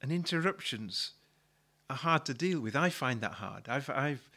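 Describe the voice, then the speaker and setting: A man's voice: medium pitch, animated, a little slow, pushed and bright. A male pastor preaching a sermon, retelling a story in a conversational way and often repeating words as he restarts a thought.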